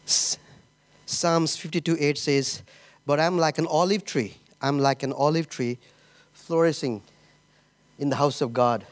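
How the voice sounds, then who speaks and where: High-pitched male pastor preaching with emotional, stumbling storytelling. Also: a little slow, long pauses. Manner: emotional, laughing, animated storytelling with repetitions. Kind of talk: sermon.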